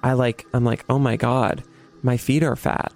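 Young guy dishing a story, super animated, bit of music behind. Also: medium pitch, moderate pace, vocal fry. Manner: animated, dramatic, swearing, laughing as he tells it. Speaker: podcast host. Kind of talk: casual storytelling.

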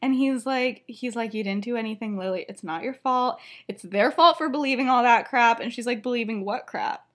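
A young woman co-hosting a podcast, casually retelling a fan story with lots of fillers, giggles and quick quoted lines. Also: a little high, a bit bright. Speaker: podcast co-host.

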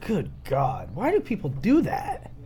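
A man's voice: fairly high pitch, huge pitch swings, a little slow, crowd noise. A man co-hosting a casual sports talk show, teasing his partner and rattling off match picks. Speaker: co-host.

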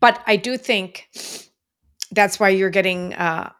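A woman's voice: mid-range voice, slow, fairly bright tone. A mother chatting casually with her grown daughter, soothing and emotional. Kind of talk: casual chat.

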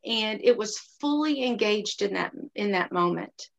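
Earnest woman with a gravelly voice. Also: mid-range voice, animated, unhurried, muffled recording. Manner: earnest and confessional, reflective, faith-minded. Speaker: single mother sharing a personal story. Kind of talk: candid personal storytelling.

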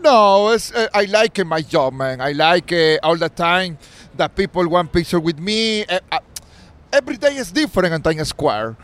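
A man who is not a native English speaker, a costumed street performer, talking haltingly in broken English with many pauses, outdoors in a busy city square. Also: high-pitched, lively intonation, a bit bright. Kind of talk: casual street interview.

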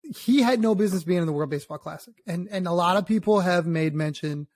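A man joins a podcast as a guest and chats in a casual, easygoing way. His voice sits high for a man, and he laughs often as he talks. The recording is dry. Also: quick pace, darkish tone, dry recording. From Texas. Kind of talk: casual chat.

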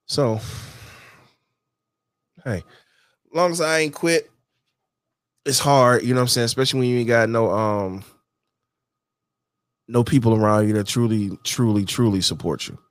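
A man rambling in a loose, slangy monologue, leaning on the same catchphrase over and over. His voice sits at a middle pitch and sounds dry and close to the mic, with no room around it. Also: a little slow, long pauses, no room sound. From Detroit, USA. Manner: slangy, repeats "you know what I'm saying". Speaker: vlogger. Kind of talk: casual monologue to camera.

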